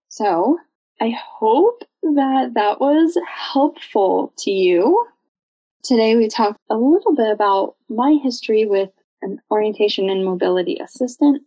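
A woman's voice: mid-range voice, mellow, breathy edge, dry recording. A woman hosting an instructional podcast, talking casually with self-aware asides. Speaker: orientation and mobility instructor, podcast host. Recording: dull lo-fi dry sound.

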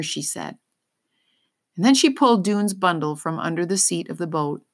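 Woman narrator, lowish voice, kids' read-aloud with simple explanations. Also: lively intonation. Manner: pauses to explain words simply. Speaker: reader. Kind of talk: storybook read-aloud for children.

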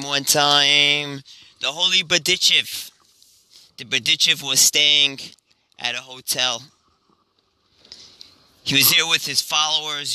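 A rabbi telling an inspirational story in an animated way, with a lot of repetition. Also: male voice, medium pitch, a little hiss or hum, poor audio.

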